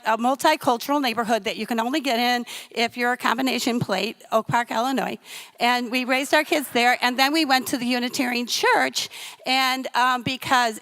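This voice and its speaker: A woman's voice: fairly high pitch, fairly bright tone. A middle-aged woman telling a personal story on stage in a chatty, comic, self-deprecating way.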